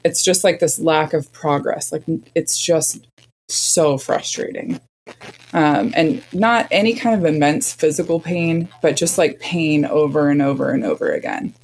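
Blunt woman with a low gravelly voice. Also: measured pace, a little mellow, slight background noise. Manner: frank, blunt, self-mocking. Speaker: hunting partner and guest. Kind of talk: casual podcast storytelling.

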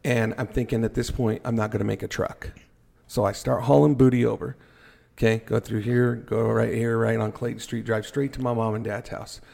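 A middle-aged man with a gravelly, somewhat husky voice, telling a story in an easy, casual way. He sounds animated and drops playful asides. His pitch sits in an ordinary middle range. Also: fairly quick. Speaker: podcast guest.

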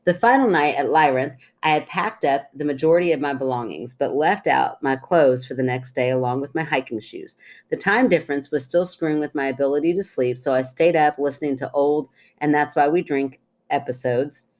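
A woman's voice: low-pitched, brisk, a little mellow. A woman co-hosting a podcast, chatting with her sister, giggling, and reading a listener's ghost story aloud with asides. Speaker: podcast co-host.

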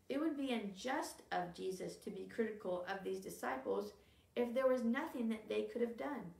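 A woman's voice: fairly high pitch, creaky. A woman co-hosting a Bible study, reading a faith text aloud in an earnest, emphatic way. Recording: echoey room, voice a bit far from the mic.

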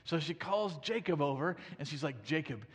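A man's voice: on the high side, normal speed, breathy edge, in a large hall. A male pastor preaching a sermon in a casual storytelling way, full of fillers.

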